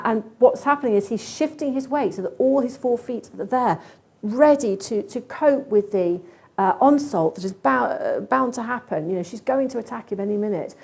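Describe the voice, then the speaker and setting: Mellow-voiced woman giving a talk. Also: medium pitch, creaky, breathy edge. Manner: lively, expressive, acts out animal thoughts. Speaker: conference speaker on cat behaviour. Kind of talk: conference talk.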